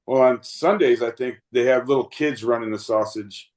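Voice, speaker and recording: A man's voice: medium pitch, normal speed, a little mellow, poor audio. A man in his late fifties, a baseball umpire guest, telling earnest, rambling stories with many fillers and restarts. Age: 50s. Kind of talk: reflective storytelling interview.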